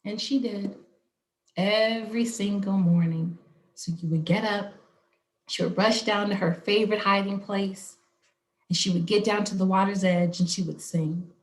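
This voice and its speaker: A woman from Arizona telling a story at a live online storytelling event, slow, expressive and rhythmic. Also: mid-range voice, reverberant. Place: home, online stream.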